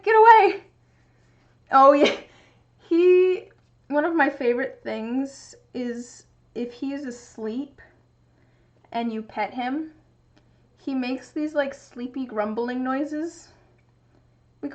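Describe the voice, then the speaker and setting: A young woman streaming casually, chatting to viewers and cooing at her cat in a baby voice. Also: fairly high pitch. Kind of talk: casual livestream chat. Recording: muffled lo-fi stream audio.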